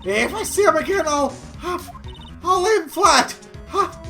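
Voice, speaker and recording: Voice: extremely high pitch, lively intonation, a little slow, sharp tone, soft background music, voice pushed up, exaggerated voice. A streamer voicing a cranky old woman security guard who huffs and puffs between her words. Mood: huffing, cross. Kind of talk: reading game dialogue aloud on stream.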